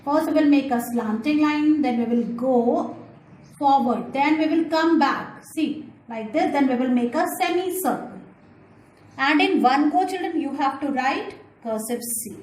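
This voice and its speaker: A woman with a fairly high voice leads a kindergarten lesson. She draws out each letter sound slowly and keeps repeating words. She calls out to the children often, guiding them step by step. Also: darkish tone, low-quality recording. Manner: slow, drawn-out phonics sounds. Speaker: kindergarten teacher. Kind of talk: classroom lesson.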